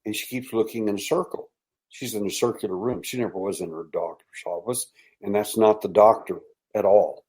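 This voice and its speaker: Older man telling a hushed tale. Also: on the low side, fairly even intonation, slightly rough, rough recording. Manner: halting, hushed dramatic storytelling. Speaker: interview guest, abduction researcher. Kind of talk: storytelling in a podcast interview.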